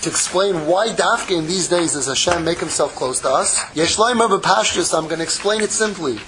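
A man giving a casual, animated Torah class, acting out little dialogues and dropping in Hebrew phrases. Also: sits high, normal speed, background noise. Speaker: Torah teacher.

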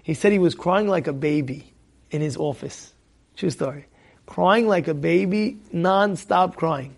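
Guy teaching a torah lesson, high gravelly voice, keeps repeating himself, goes loud then hushed. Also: unhurried. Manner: animated, repeats phrases, swings from loud to hushed; asks the listeners rhetorical questions.

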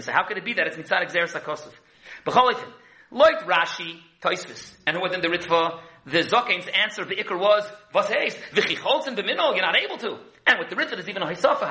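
Fast, bright-voiced Talmud teacher. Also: male voice, high voice, low-quality recording. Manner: quick, lively chanting between Hebrew-Aramaic quotes and English. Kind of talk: Talmud lecture.

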